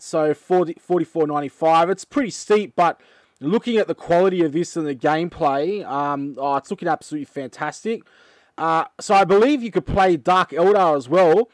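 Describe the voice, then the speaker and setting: A man's voice: on the high side, no echo. Rambling Australian man, dry close mic. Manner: rambling, filler-heavy and excitable. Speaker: channel host. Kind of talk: casual chat reacting to a game trailer.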